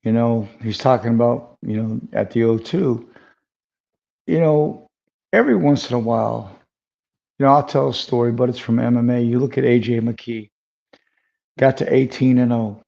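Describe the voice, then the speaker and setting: Older man, interview host, gravelly dark voice, chatty and rambling, lo-fi sound. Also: mid-range voice, moderate pace, long pauses. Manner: rambling, conversational, many fillers. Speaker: podcast host. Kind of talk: casual interview chat. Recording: dull lo-fi sound.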